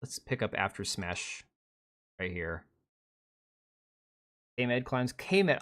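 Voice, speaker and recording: A man's voice: mid-range voice, expressive, unhurried, a bit bright. A man streaming a reaction to a video, talking sarcastically, swearing and mocking the speaker in whiny quotes. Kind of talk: live stream reaction commentary.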